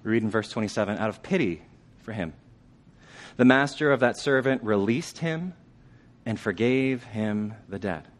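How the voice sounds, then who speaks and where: A man preaching a sermon in a conversational way, asking the congregation questions and dropping to a hushed tone for weighty lines. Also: fairly low pitch, lively intonation, normal speed, a little hiss or hum.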